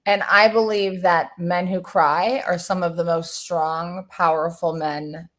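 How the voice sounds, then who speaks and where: A woman's voice: on the low side, steady tone, slow pace. A woman hosting a casual webinar conversation, chatty and enthusiastic, affirming her guest as she talks. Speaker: webinar host.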